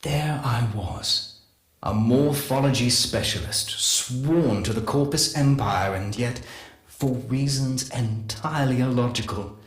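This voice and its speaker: A man playing a solemn male scientist who records a measured, reflective confession in a game audio log. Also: medium pitch, reverberant, close to an everyday voice. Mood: grave. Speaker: morphology specialist.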